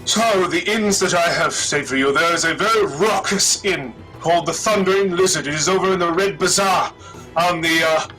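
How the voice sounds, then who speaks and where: Excitable older male guide, voiced by a man, fast rambling speech, fussy, trailing off, high bright tone. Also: soft background music, poor audio.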